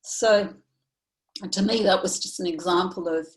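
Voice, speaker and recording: A woman therapist speaking in an online training session, telling a client story in a measured, reflective way with frequent ums and uhs. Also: fairly low pitch, poor audio. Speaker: somatic therapist presenting to professionals.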